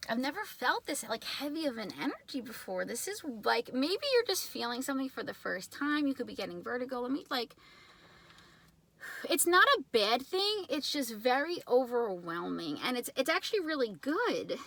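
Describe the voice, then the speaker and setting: A young adult woman giving a casual tarot reading indoors, excitable and chatty, shaky and nervous. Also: a little high, brisk, gravelly, hardly any pauses, no room sound. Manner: excitable, chatty, many filler words. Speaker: tarot reader.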